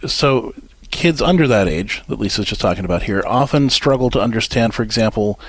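A man's voice: on the low side, expressive, fairly quick, dry recording. A man co-hosting an advice talk show, counseling a caller on parenting and acting out what parents and kids say. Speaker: radio show co-host, counselor.

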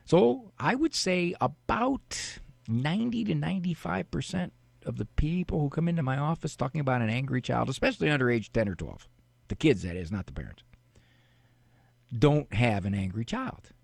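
A middle-aged man hosting a radio advice show, talking in a casual, animated, folksy way. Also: on the high side, moderate pace, creaky, no room sound. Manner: animated, folksy, acts out parents' quotes. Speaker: radio show host and psychologist.

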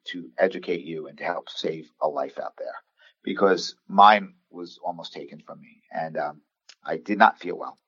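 A man in his fifties, a coach, earnestly telling a personal story in a podcast interview, halting and restarting as he recalls what people said. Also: low voice, fairly bright tone, breathy edge, dry recording. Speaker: basketball coach guest. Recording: dull lo-fi sound.

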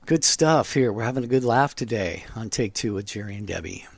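A man's voice: lowish voice, expressive, a little fast, creaky, dry recording. A man co-hosting a call-in radio show, chatting casually with callers and laughing often.

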